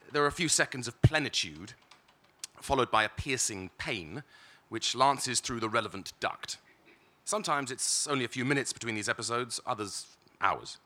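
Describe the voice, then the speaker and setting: Low, bright-voiced British male reader. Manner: wry, measured, first-person narration with occasional stumbles. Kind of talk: reading literary fiction aloud.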